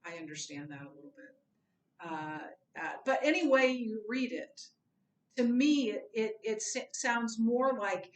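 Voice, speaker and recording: A woman's voice: fairly high pitch, expressive, measured pace. A woman teaching a Bible class in a conversational, informal way, with personal asides. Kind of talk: recorded Bible lesson. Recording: roomy, from a distance.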